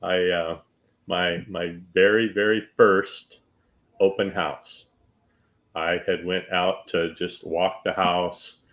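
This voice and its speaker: Middle-aged male host, lowish voice, casual storyteller who plays out each person in his tale. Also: slow. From Northern California. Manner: animated anecdote teller, acts out quoted voices. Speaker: real estate broker and interview host.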